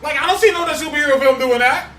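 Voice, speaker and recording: A man co-hosting a casual podcast chat, loud and emphatic, repeating lines for effect. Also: extremely high pitch, racing. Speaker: podcast co-host. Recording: roomy, distant mic with faint noise.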